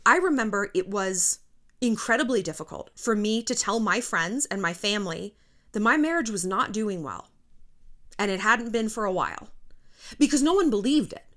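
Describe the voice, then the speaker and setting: A woman in her thirties hosts a casual motivational YouTube vlog, speaking to camera in a blunt, profane pep-talk tone. Her mid-range voice is sharp, with lively intonation and normal speed.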